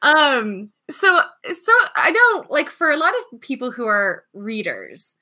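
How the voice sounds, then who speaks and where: A woman's voice: high-pitched, very animated, slow pace, sharp tone. A woman author in a friendly interview chat who asks questions and laughs easily. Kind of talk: conversational interview.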